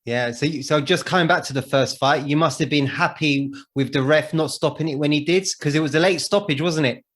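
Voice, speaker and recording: A male host with a somewhat higher voice leads the interview. He frames his questions as recaps and drops in short affirmations while his guest talks. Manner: leading questions, quick affirmations.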